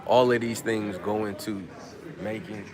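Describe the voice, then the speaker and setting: With a crowd in the background, a livestream host broadcasts a relaxed live chat from a press conference media room. His voice is lowish, fairly even in intonation and a little slow, and he talks in easygoing slang while reading out comments from viewers.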